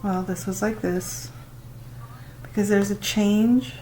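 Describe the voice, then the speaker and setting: A woman doing a casual tarot reading, talking to the listener and reacting out loud with exclamations as she turns the cards. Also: medium pitch, fairly even intonation, slow, slight background noise, poor audio. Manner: chatty, exclaims and laughs while reading cards. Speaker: tarot reader.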